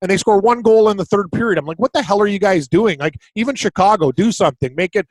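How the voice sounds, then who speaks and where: A man co-hosting a sports betting podcast, talking in a blunt, excitable, casual way and swearing now and then. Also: high voice, quick pace, no echo, poor audio. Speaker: podcast co-host, betting analyst.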